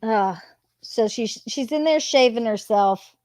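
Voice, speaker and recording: A woman hosting her channel, reading text messages aloud in a plain, unhurried way and adding casual asides between them. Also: on the high side, a little mellow, a little hiss or hum. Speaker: channel host.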